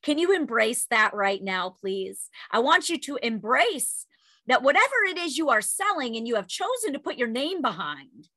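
A woman in her thirties giving an energetic motivational sales talk, calling her listeners friends and telling a personal story. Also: a little high, normal speed, no room sound. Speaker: sales coach.

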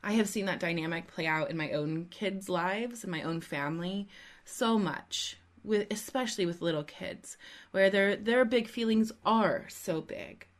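A woman's voice: medium pitch, measured pace. A middle-aged woman hosting a parenting podcast, a couples therapist speaking in a reflective, emphatic way. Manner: reflective, emphatic, building on the guest's points. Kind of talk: podcast interview.

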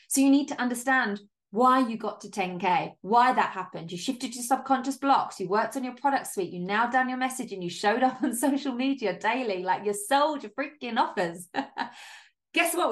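A woman hosting a solo business podcast, talking in an upbeat, emphatic way, with casual swearing and lots of "like". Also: on the high side. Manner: chatty with frequent "like" and laughs. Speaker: podcast host and business coach.

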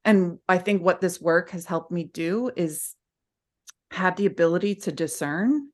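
A woman's voice: lowish voice, a little slow, darkish tone. A woman guest on a podcast, speaking candidly in a heartfelt, rambling way with many restarts. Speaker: podcast guest, former client. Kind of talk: candid conversational interview.

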